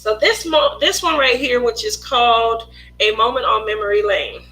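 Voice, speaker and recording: On a casual painting livestream, a Las Vegas host greets her viewers by name, chatty and playful with occasional sing-song turns. Her voice sits on the high side, pushed and bright, at normal speed, though the audio is poor.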